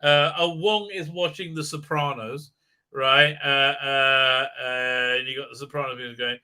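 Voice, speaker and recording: A man's voice: mid-range voice, fairly even intonation, measured pace, pushed and bright, clear, resonant tone. A middle-aged man hosting a live stream from his desk, rambling sarcastically and swearing, full of fillers and restarts.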